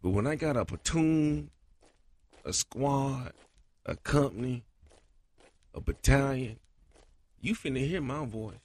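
A man hosting a casual podcast monologue, his voice a little scratchy, talking colloquially and getting animated. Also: mid-range voice, slow pace, pauses often, no room sound. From Florida. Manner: animated, swings loud for chanted cadence bits; colloquial, repeats "you know". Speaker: podcast host, cadence caller.

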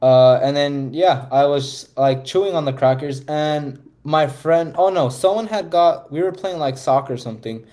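A man's voice: on the high side, normal speed, hardly any pauses, mellow. Young man rambling through a story. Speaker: podcast host. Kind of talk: casual chat. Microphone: voice call microphone.

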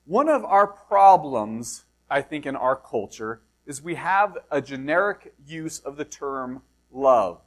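A middle-aged pastor from the United States delivers a sermon in a high voice. He preaches conversationally, explaining a passage and often asking his listeners rhetorical questions. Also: lively intonation, slow, hardly any pauses.

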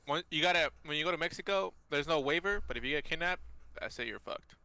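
A man's voice: on the high side, lively intonation, quick pace, bright, forceful tone, no echo. A young man co-hosting a casual podcast chat, joking bluntly and swearing freely.

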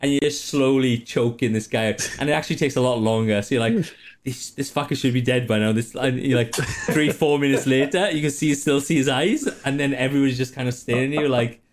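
A man's voice: mid-range voice, a little fast, a little hiss or hum. A man running a tabletop game as dungeon master, casual and laughing, with plenty of swearing.

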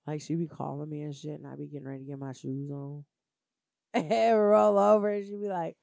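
A woman in casual chat, telling animated, profane stories. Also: deep voice, a little fast, vocal fry, dry recording, clean studio sound.

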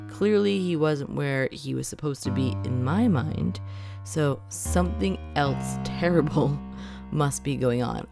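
A woman's voice: sits low, moderate pace, gravelly. A woman dramatically retelling a personal story with self-mocking asides, over guitar music. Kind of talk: personal anecdote, spoken storytelling.

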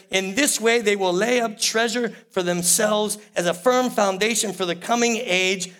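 A man's voice: high-pitched, fairly bright tone. A man preaching a sermon, talking conversationally and addressing the congregation directly with repeated phrases. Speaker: pastor.

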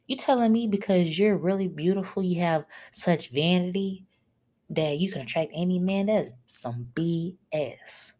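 Blunt, scolding podcast woman, low-pitched. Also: mellow. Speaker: podcast host. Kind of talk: solo podcast rant.

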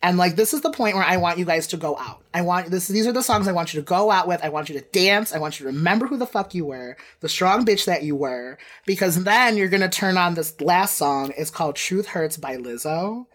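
A woman co-hosting a podcast in casual chat, swearing freely and gushing in quick bursts. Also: fairly low pitch, animated. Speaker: podcast co-host.

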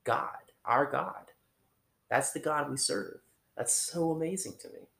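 A man giving an informal, conversational sermon, talking in a halting way with restarts and fillers. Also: a little high, gravelly, bright, forceful tone, echoey room. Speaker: preacher.

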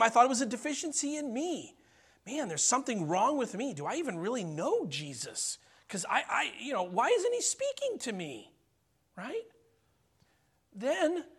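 In a high voice, a middle-aged man delivers a sermon as a pastor, keeping things conversational and repeatedly asking the congregation "okay?" For important phrases he slows down, pauses dramatically, and lets his voice fall to almost a whisper.

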